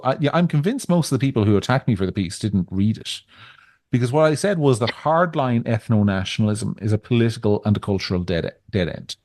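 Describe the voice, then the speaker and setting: A man's voice: mid-range voice, a little mellow, no echo. A man with an Irish accent co-hosting a podcast, talking in a discursive, wry way with frequent restarts. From Ireland. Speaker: podcast co-host. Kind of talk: casual political chat.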